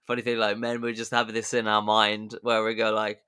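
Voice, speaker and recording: Jokey podcast host. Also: male voice, on the low side, monotone, brisk, bright, forceful tone, clean tone. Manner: chatty, jokey, laughs at his own jokes. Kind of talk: casual storytelling chat.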